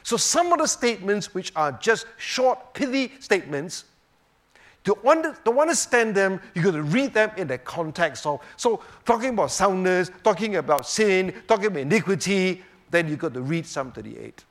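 A man teaching a sermon on the Psalms, swinging between emphatic rhetorical questions and hushed, quiet moments. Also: sits high, very animated, normal speed. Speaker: preacher.

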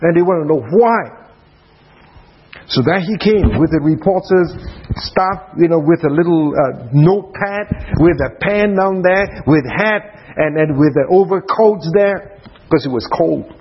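A man preaching a sermon at a prayer retreat, dramatic, dropping to soft hushed passages. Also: on the high side, lively intonation, measured pace, dull audio, slight background noise.

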